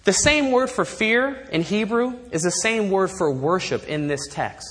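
A pastor delivers his sermon in a fairly high, animated voice, pressing his points hard and slipping in wry asides. The sound carries the long reverb of a large hall. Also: a little slow.

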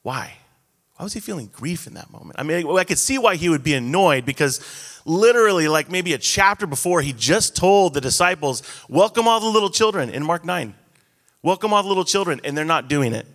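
A man's voice: a little high, expressive, brisk, a bit bright. A man in his thirties preaching a sermon, telling stories in a casual, self-deprecating, conversational way. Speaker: pastor. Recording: echoey hall.

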